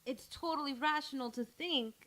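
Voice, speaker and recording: A woman, a musician guest on a podcast, chiming in with quick, wry comments during casual chat. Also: high voice, pushed and bright.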